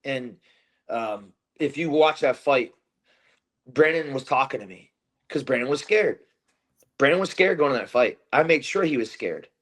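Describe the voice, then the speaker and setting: A man's voice: mid-range voice, animated, moderate pace, long pauses, fairly bright tone. A man who is a bare-knuckle fighter, talking in a casual post-fight interview with intense, profane trash talk, lots of fillers and restarts.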